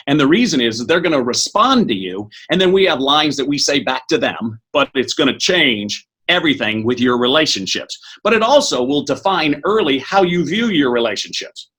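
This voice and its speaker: A middle-aged man with a husky voice talks as a podcast guest, giving a motivational talk. He speaks quickly and eagerly, often catching himself mid-sentence and starting over. His pitch sits in an ordinary middle range for a man. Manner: energetic, fast, with many restarts.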